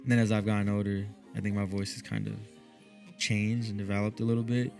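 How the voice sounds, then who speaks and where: Chill dj guy, low smooth radio voice, easygoing, keeps saying you know what i mean, faint music in back. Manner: calm, unhurried, drops lots of "you know what I mean". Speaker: DJ and radio host, interview guest. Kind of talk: relaxed conversational interview.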